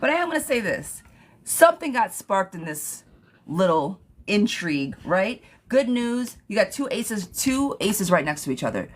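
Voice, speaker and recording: A woman's voice: mid-range voice, very animated, moderate pace. A woman giving yes-or-no tarot readings on a livestream, chatting casually as she reads viewer questions aloud and thanks commenters. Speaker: tarot reader.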